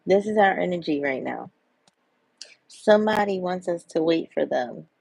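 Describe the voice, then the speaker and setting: A woman's voice: lowish voice, expressive, moderate pace, vocal fry, darkish tone, slightly rough, dry recording, low-quality recording. A woman chatting on a live stream in a playful, sing-song way, full of giggles and repeated catchphrases. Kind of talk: casual live stream chat.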